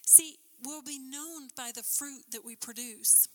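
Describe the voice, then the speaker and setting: A woman's voice: a little slow, fairly bright tone. Impassioned woman preaching in an echoing hall. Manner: impassioned, rising to emphatic peaks then dropping low. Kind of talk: sermon. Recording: long hall reverb.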